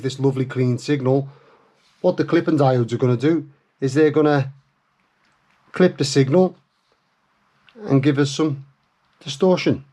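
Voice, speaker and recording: A man talks through a guitar pedal modification as a relaxed workshop tutorial. He is chatty and self-deprecating, and often pauses on fillers and restarts his sentences. His voice sits at an ordinary middle pitch.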